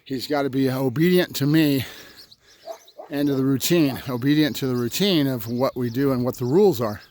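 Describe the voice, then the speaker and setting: A dog trainer talks casually while taking his puppy through a morning routine, giving it short, firm commands as he moves between the house and the yard, indoors and out. His mid-range voice is a little mellow at a normal speed, with a bit of hiss or hum in the recording.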